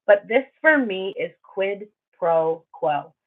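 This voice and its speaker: A woman talks through a tarot reading in a candid, chatty way and swears freely. Her voice is a little husky. The sound is thin and tinny, like a phone line. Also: mid-range voice, animated, takes it slowly. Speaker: tarot reader. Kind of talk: casual spiritual reading.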